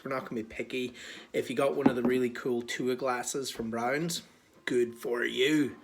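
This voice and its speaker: A man's voice: medium pitch, noisy background. A man with an Irish accent hosting a whiskey tasting, talking casually and joking as he explains. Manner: chatty, joking, relaxed. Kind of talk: casual instructional talk. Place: small bar.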